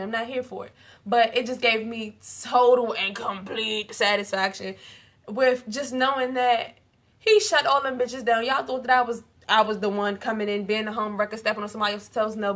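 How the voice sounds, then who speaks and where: A young woman telling a story to the camera in a casual vlog, animated and profane, laughing often. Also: mid-range voice. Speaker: vlogger.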